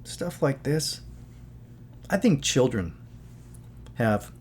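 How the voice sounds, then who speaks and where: A man's voice: mid-range voice, big pitch swings, extremely slow, darkish tone. A man with an ordinary mid-range voice gives an earnest, rambling monologue, moralizing as he wanders through asides. A faint hum sits under the recording. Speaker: channel host. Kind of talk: casual spoken commentary.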